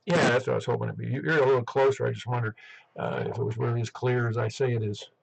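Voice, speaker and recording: A man runs a casual ham radio net from behind his headset. His voice is gravelly and husky, and he talks quickly, rambling with plenty of restarts. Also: medium pitch, steady tone, poor audio. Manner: rambling, chatty, self-interrupting.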